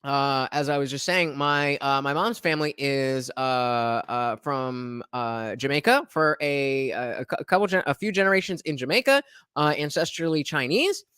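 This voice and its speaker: A man's voice: medium pitch, normal speed, bright, forceful tone, clean tone, dry recording, studio quality. An American man hosting a casual commentary, rambling with many filler sounds and restarts. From United States. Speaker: host reacting to clips.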